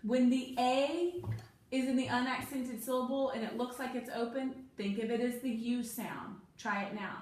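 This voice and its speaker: A woman's voice: a little high, moderate pace, darkish tone. A woman tutoring a student one-on-one in reading, patiently coaching and asking guiding questions. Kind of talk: one-on-one phonics lesson. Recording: very echoey room, faint noise.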